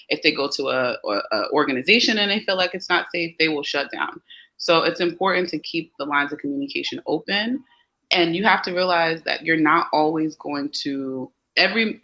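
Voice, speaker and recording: A woman pediatrician speaking as an interview guest, giving parenting advice in a casual, lively way and acting out quoted teens and parents. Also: sits low, rough recording.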